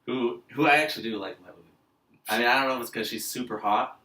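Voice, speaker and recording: A man's voice: medium pitch, fast talker, bright, forceful tone. A man co-hosting a casual movie chat, giving blunt opinions with joking asides. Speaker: podcast co-host. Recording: echoey room, mic at a distance.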